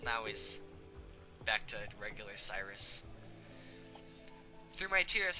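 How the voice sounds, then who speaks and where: A young man hosting a let's play, reading a visual novel aloud with casual, halting asides. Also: medium pitch, sharp tone, poor audio.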